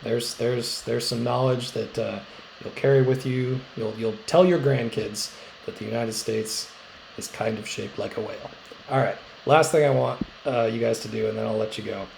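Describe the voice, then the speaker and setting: A man teaching middle school social studies in a loose, joking way, drifting into asides and filling pauses with "uh." His voice sits at an ordinary middle pitch with a gravelly, creaky edge. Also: a little mellow, a little hiss or hum, poor audio. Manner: chatty and joking, many "uh" fillers and rambling asides. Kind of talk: casual recorded class lecture.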